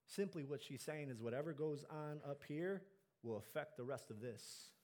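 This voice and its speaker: Male preacher, slightly higher voice, sermon delivery with dynamic swings between loud peaks and soft lows. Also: lively intonation, moderate pace. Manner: builds to loud emphatic peaks, drops low and soft on key lines.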